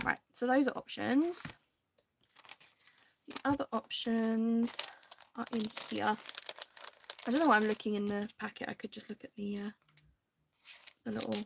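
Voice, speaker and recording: A woman hosting a crafting video, chatting casually and indecisively to viewers, now and then dropping into soft half-whispered asides. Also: fairly high pitch, creaky, background noise.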